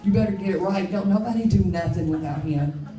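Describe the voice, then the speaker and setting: A woman's voice: on the low side, a little fast, mellow. A woman giving a candid, emphatic personal testimony as a conference speaker, often laughing at herself. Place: conference hall. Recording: roomy hall, speaker far from mic.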